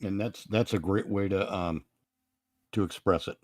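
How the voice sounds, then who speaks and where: A man's voice: low voice, fairly even intonation, a little mellow, no echo. Wisecracking man on a dry mic. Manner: quick crude quips. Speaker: podcast co-host reading listener jokes. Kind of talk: casual chat.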